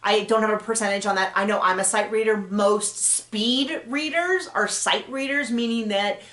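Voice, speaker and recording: A woman's voice: mid-range voice, normal speed, a bit bright. A woman author giving casual writing advice, chatty and full of fillers and self-corrections. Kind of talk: casual advice talk to camera. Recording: roomy echo.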